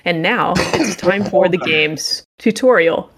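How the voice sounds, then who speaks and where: Low-voiced sarcastic woman podcaster. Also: expressive, slow, a crowd in the background. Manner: sarcastic, acts out game dialogue in a mock-heroic voice. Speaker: podcast co-host. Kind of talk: casual game review chat.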